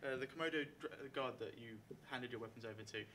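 A man's voice: mid-range voice, quick pace, sharp tone, a little hiss or hum. A man narrating a tabletop game as game master before a live audience, chatty and full of fillers. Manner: hesitant, many fillers, chatty.

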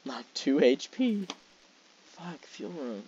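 A young man narrating his gameplay in an excitable, swearing rush, his fairly high voice swinging wildly up and down. The recording is dull and lo-fi, like a cheap home mic. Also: slow, breathy edge. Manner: excitable, swears often, talks to the game. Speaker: gaming video creator. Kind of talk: gameplay commentary.

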